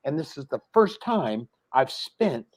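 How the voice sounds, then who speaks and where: A middle-aged man, a comedian, telling stories on a live video call show, animated and acting out quoted voices with stammering restarts. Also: mid-range voice, unhurried. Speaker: guest co-host comedian.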